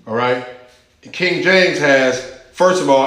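A man's voice: medium pitch, lively intonation, measured pace, fairly bright tone. A man preaching a sermon, teaching scripture with emphasis and asking the congregation questions. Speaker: pastor. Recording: echoey church hall.

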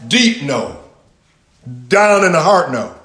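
A man leads a Bible study in a sermon style, stressing words one at a time and pausing between them. His voice is fairly high and swings widely in pitch. The room around him is echoey. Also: sing-song, fairly bright tone. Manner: emphatic, repeats key words slowly with long pauses; talks with the audience, answers their replies. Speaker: pastor teaching a Bible study.

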